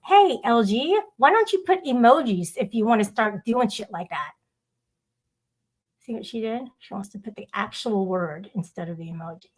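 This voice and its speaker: A woman's voice: medium pitch, expressive, normal speed. A woman hosting a casual livestream, rambling and swearing as she talks back to her viewers' chat. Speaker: livestream host.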